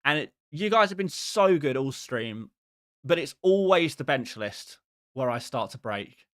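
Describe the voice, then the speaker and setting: A man's voice: mid-range voice, sing-song, measured pace, a bit bright, no room sound, clean studio sound. A man hosting a live stream who chats casually with his viewers in a rambling, exasperated and self-mocking way.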